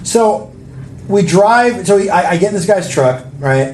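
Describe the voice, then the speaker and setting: A man's voice: high-pitched, animated, unhurried, a little mellow, roomy sound, a little hiss or hum. A man telling a story in casual podcast chat, rambling and swearing freely. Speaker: podcast co-host.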